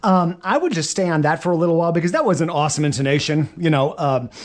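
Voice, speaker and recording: A man teaching double bass, chatting and thinking aloud as he works through practice exercises, sweaty and a little winded. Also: quick pace. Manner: chatty, rambling, thinks aloud between passages. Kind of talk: casual practice demonstration.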